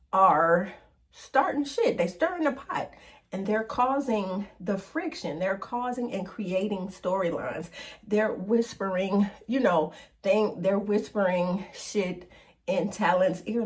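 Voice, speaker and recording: A woman's voice: mid-range voice, recorded from a distance. A woman hosting a celebrity gossip show, talking in a sassy, emphatic way and swearing freely. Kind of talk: animated celebrity gossip commentary.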